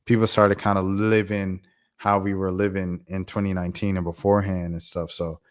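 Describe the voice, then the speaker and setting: Young American man vlogging, low-ish voice, relaxed chatty commentary. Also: normal speed. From United States. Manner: laid-back, reflective, conversational. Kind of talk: casual commentary to camera.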